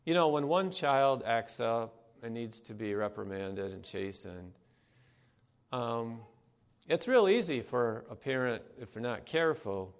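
An older man delivers a sermon in a relaxed, conversational way. He speaks slowly, with a voice that sits in the middle of the male range, and he clears his throat and pauses between ideas. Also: mid-range voice. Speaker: preacher. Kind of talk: sermon with anecdotes.

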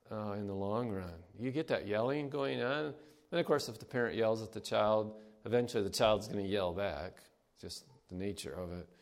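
An older man giving a conversational sermon, pausing often and clearing his throat between thoughts. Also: fairly low pitch. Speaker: preacher. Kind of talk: sermon with anecdotes.

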